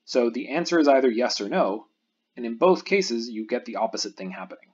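Husky man giving a recorded math lecture. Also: medium pitch, expressive, a little mellow, dull audio. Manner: patient explanatory lecturing, pauses for the viewer to think.

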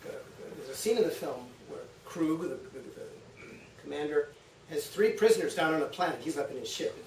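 A man with a slightly high voice gives a university talk as a guest lecturer, telling lively anecdotes, acting out quotes in animated voices and laughing often. Recorded at a distance in a lecture room, the sound is roomy with a faint hum.

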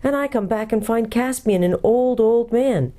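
A woman's voice: fairly high pitch, normal speed, mellow, pitched above the performer's own voice, natural voice. A woman voicing a cross, complaining English schoolboy in a storybook reading.

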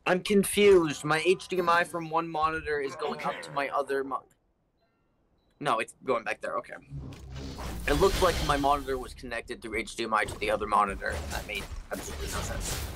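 A man's voice: mid-range voice, a little fast. A young man streaming games, chatting casually with friends, teasing and easily confused. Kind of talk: casual chat while gaming on stream. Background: music.

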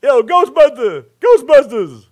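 A man mimicking an obnoxious grown man who yells from a passing car in a shrill, mocking sing-song. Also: sing-song, a little slow, exaggerated voice. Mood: yelling.

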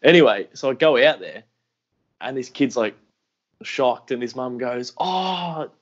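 A man's voice: medium pitch, a little slow, muffled recording. A young Australian man telling stories in a casual podcast interview, rambling and self-deprecating, acting out what people said. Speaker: podcast guest, AFL YouTuber.

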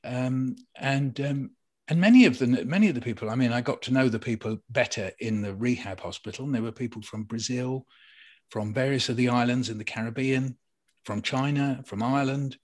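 An older man, a poet, telling a personal story in a reflective conversation, halting and restarting as he goes. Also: mid-range voice. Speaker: interviewee, poet.

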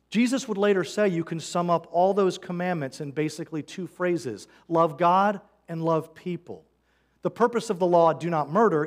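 A man preaching a sermon as a pastor, earnest and conversational, quoting scripture. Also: on the high side. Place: church sanctuary.

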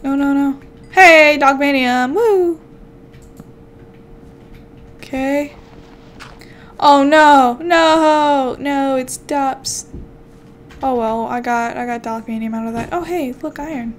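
A woman's voice: high-pitched, slow pace, long pauses. A young woman chatting playfully to herself while commenting on her game as a channel host. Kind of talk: casual gameplay commentary.

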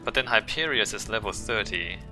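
A man giving calm, musing commentary while playing a video game. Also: on the low side, fairly quick. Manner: calm, musing, talks to himself. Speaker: gameplay streamer. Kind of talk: casual gameplay commentary. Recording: voice over game music.

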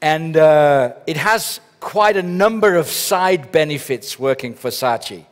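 A man's voice: fairly high pitch, animated, measured pace. A middle-aged man giving a humorous conference keynote, telling stories that build to punchlines. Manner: joking, storytelling with punchlines. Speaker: keynote speaker. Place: large conference hall. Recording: long reverb of a large hall.

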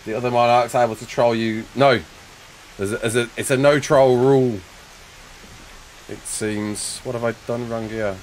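A man's voice: medium pitch, fairly even intonation, moderate pace, pauses often, a little hiss or hum, poor audio. A man streaming a survival game live, chatting casually, laughing often and joking with chat as he builds.

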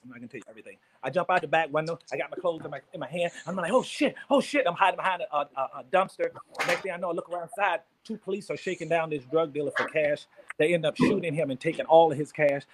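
A man in his fifties, a guest actor, telling a story in an animated, profane way, laughing as he goes. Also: a little high, rapid-fire, noisy background. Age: 50s.

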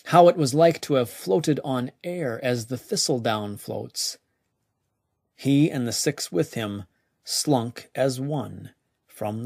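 A man narrating a weird tale slowly and deliberately, his voice dropping now and then to a hushed near-whisper. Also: mid-range voice, dry recording, studio quality. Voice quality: gravelly. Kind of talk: slow scripted story narration.

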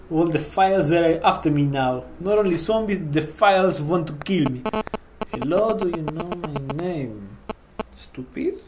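A man's voice: a little high, vocal fry, darkish tone, slight background noise, low-quality recording. A man with a mock Transylvanian vampire accent, playing a horror game, speaking broken English and jumping to panicky yelps. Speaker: horror game let's-player as vampire host. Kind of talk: gaming commentary.

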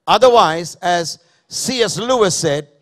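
During a church service, a pastor preaches a sermon to his congregation, repeating key phrases and posing questions to them. His voice is high and animated, with a slightly slow pace.

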